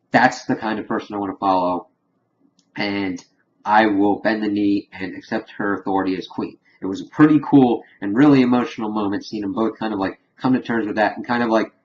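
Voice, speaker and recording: A man's voice: fairly low pitch, muffled recording, slight background noise. A man giving a casual spoken review, rambling through scene recaps with lots of filler words. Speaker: TV show reviewer.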